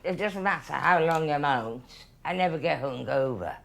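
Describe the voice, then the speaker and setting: A woman's voice: deep voice, animated, normal speed, gravelly. A woman, chatting cheerfully about her holidays. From Liverpool, England. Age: 80s. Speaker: retiree on holiday. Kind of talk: casual interview chat.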